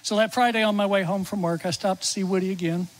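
A middle-aged man, a chaplain preaching in church, telling a story that drops to a hush when he quotes a dying man. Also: sits high, steady tone, quick pace, poor audio. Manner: tells the story warmly, drops to a near-whisper when quoting the dying man. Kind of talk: sermon storytelling. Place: church sanctuary.

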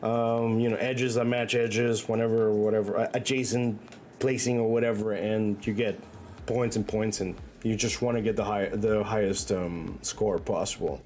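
A man's voice: fairly low pitch, level tone, normal speed, a little mellow, a little hiss or hum. A man streaming a game and chatting loosely with viewers, swearing freely and rambling through frequent restarts and fillers. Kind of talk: casual stream chat. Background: faint music.

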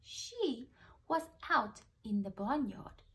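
Preschool teacher, woman, bright voice, expressive read-aloud with questions to children. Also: high-pitched. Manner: expressive, pauses to ask the listeners questions. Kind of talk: reading a picture book aloud to children.

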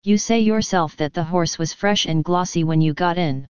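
Quiet sure-of-himself detective read by a woman, lowish voice, kinda dull recording. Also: clear, resonant tone, dry recording, lightly acted. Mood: calm. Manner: quiet, measured. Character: calm, assured male detective.

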